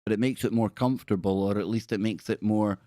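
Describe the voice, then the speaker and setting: A man's voice: fairly low pitch, steady tone, fast, mellow, no room sound, studio quality. A man hosting a casual livestream, reading viewer stories aloud with playful, rambling asides and jokey spooky voices. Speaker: livestream host.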